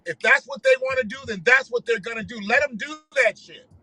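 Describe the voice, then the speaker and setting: A man's voice: very high-pitched, a little fast, bright, forceful tone, slightly rough, poor audio. A man ranting profanely on a livestream while driving his car. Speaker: livestream host. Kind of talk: casual ranting monologue.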